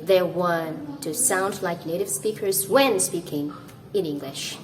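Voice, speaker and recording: Here is a young woman from Indonesia who teaches English to camera, with Indonesian as her first language. Her voice sits a little low, and she talks very slowly, saying each example word clearly. A faint hiss runs behind her. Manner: slow, careful, demonstrates pronunciations. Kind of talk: scripted English lesson to camera.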